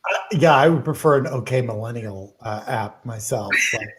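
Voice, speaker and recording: A man's voice: mid-range voice, moderate pace, a crowd in the background. A man on a comedy podcast, talking hesitantly with lots of uh fillers and restarts. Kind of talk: casual comedic chat.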